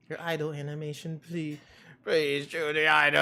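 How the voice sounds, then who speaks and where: Man, casual gameplay chatter, bright gravelly tone, lively. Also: fairly high pitch, normal speed. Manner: playful, rambling, chatty asides. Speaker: gameplay streamer.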